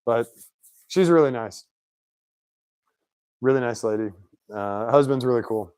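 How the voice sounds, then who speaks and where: Man, mid pitch, casual garage storyteller, animated, close dry sound. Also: a little slow, smooth, no room sound. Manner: chatty, animated anecdotes with put-on quotes. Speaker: shop owner, car builder. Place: home garage shop.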